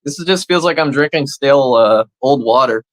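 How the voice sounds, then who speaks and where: A Canadian man in casual podcast chat, blunt and quick to swear. His voice sits at an ordinary middle pitch. The sound is close and dry, with no room around it. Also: no room sound, poor audio. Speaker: comedy podcast co-host.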